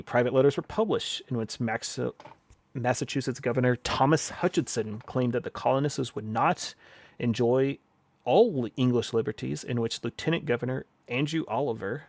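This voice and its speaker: A man's voice: mid-range voice, creaky, darkish tone, dry recording. A man streaming casually, reading history passages aloud and muttering asides and swears while he types notes. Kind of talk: casual live-stream reading and note-taking.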